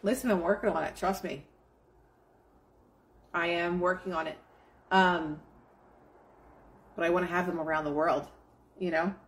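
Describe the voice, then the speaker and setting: A woman's voice: on the low side, steady tone, measured pace, long pauses. A woman hosting a live stream, giving a casual motivational pep talk to her chat in a blunt, profane, emphatic way.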